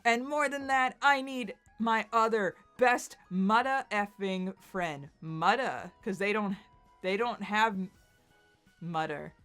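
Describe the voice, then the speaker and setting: A woman's voice: medium pitch, slow pace, a bit bright, faint music behind. A woman voicing an anxious, melodramatic young man in a dramatic webcomic read-aloud. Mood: fretful. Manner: fretful and melodramatic.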